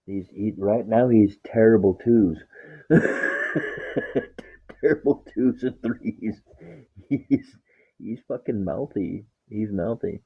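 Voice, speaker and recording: A man speaks slowly and pauses often, his husky voice fairly low in pitch, as he rambles about his dog in casual conversation. He curses freely and performs what he says to it, and the recording has a thin, phone-like tone.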